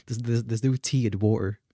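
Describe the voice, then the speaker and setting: Dark-voiced man chatting casually. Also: medium pitch, no echo, studio quality. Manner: chatty, stammers and repeats words, laughs often. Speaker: gaming streamer. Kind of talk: casual chat while playing.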